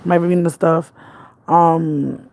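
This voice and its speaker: A woman's voice: low voice, steady tone, a little slow, gravelly, a little mellow. A woman, chatting casually on a livestream, rambling between thoughts and reading out viewer comments. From Jamaica. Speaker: vlogger. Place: apartment in the city. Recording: faint background noise.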